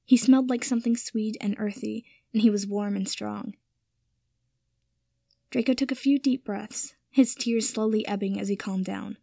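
A woman narrates a story with a steady, even reading. Her voice sits at a middle pitch, recorded dry and close with no room echo. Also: normal speed, vocal fry. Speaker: reader. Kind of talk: audiobook-style story narration.

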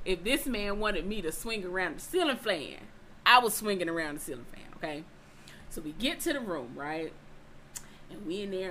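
Animated woman telling a story. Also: medium pitch, slight background noise, poor audio. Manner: animated, acts out both sides of dialogue. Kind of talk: casual storytelling chat.

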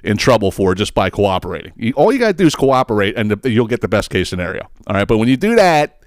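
Male podcast host, animated and foul-mouthed, dry close mic. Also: lowish voice, fast, no echo. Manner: profane, rambling, animated. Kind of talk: casual storytelling.

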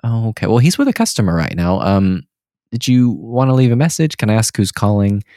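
A man voicing a polite middle-aged male office manager taking a phone call, slightly raised above his own low voice. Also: very animated, a little fast, dark tone, no echo, studio quality.

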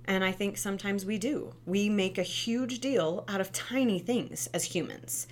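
A woman in her thirties, a former teacher and mom, giving parenting tips in casual talk, tagging "right?" onto her points and jumping up high when she acts out cheerful reactions. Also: unhurried. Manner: chatty, lots of "right?" and "like". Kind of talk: casual advice talk to camera.

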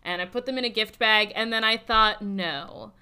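A woman's voice: mid-range voice, normal speed, bright, forceful tone, clean tone. A young woman in casual chat, self-mocking, laughing often.

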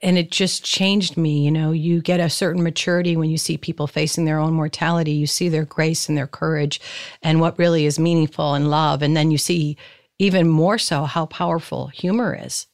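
Animated woman telling a story. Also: deep voice, moderate pace, dry recording, studio quality. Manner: animated, acts out quoted voices. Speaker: guest. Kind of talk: storytelling in a podcast conversation.

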